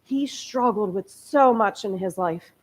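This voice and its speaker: A woman in her early forties speaks unhurriedly in a medium-pitched voice, giving a personal testimony as a church guest speaker. The story she tells in the sanctuary is candid, emotional and conversational.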